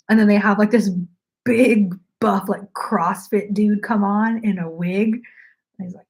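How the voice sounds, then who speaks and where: A woman's voice: medium pitch, unhurried, gravelly, darkish tone. A woman hosting a casual livestream from home, chatting in a rambling way and saying "like" often. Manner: rambling and chatty, heavy use of "like". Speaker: knitting livestream host.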